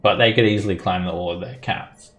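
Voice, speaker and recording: A man running a tabletop role-playing game, explaining rules in a relaxed way and chuckling often. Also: on the low side, a little fast, soft background music. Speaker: dungeon master.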